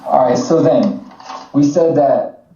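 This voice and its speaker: An American man co-hosting a podcast, explaining things in a relaxed, conversational way. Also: medium pitch, slow pace, crowd noise. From United States. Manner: relaxed, conversational teaching with fillers. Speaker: podcast co-host. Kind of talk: casual explanatory chat. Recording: roomy, slightly dull podcast audio.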